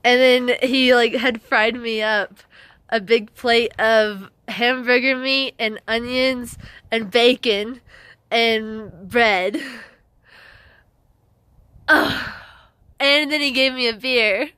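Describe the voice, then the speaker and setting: A woman hiker talks to camera in a slow, unhurried way, her voice sitting a little high. She is worn out and emotional, gushing and rambling as she goes, with frequent laughs. She is indoors in a half-built shelter. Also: steady tone, a bit bright, smooth. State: exhausted and emotional. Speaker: long-distance hiker. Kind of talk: casual vlog, talking to camera.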